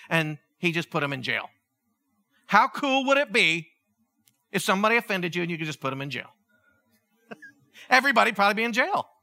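A man preaching a sermon, retelling a story with lively asides and acted-out voices. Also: high-pitched. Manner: animated storytelling, acting out voices, chuckling asides.

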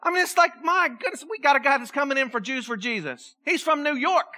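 Animated bright-voiced woman preaching. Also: high-pitched, a little fast. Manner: animated, joking, acts out voices. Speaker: pastor. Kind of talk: sermon. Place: church.

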